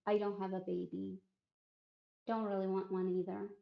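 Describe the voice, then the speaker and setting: A woman's voice: medium pitch, level tone, normal speed, creaky. A woman streamer chatting casually in a rambling, self-deprecating, wry way. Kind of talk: casual livestream chat. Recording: roomy, muffled stream audio.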